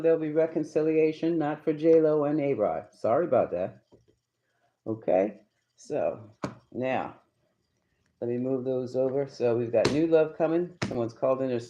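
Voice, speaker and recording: A man's voice: fairly high pitch, mellow, dull audio, slight background noise. Chatty man giving a tarot reading. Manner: chatty, emphatic, talks to viewers as y'all. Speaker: tarot reader.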